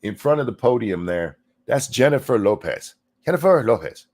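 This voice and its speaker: A man's voice: mid-range voice, expressive, normal speed, a little mellow. A man hosting a profane, sarcastic political commentary rant over video clips. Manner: sarcastic, profane, mocking mimicry.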